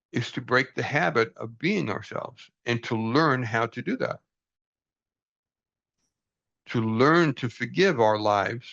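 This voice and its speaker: An older man hosts a book study, reading aloud from a book and reflecting on it in an earnest, folksy, self-deprecating way. His voice is medium in pitch, creaky and a bit bright. The recording is dull and lo-fi.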